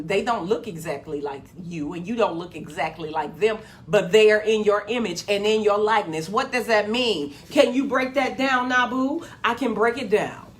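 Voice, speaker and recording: A woman giving a live-streamed motivational talk in a preachy call-and-response way, repeating her phrases and swinging from loud excitement to a low voice. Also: slight background noise. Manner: gets loud with excitement, then drops low. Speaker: motivational speaker.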